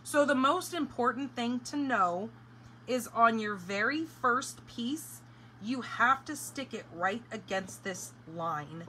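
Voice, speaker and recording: A woman's voice: fairly high pitch, animated, slow, sharp tone, slight background noise, low-quality recording. A woman hosting a live craft tutorial, chatting casually and explaining each step as she works. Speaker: craft demonstrator.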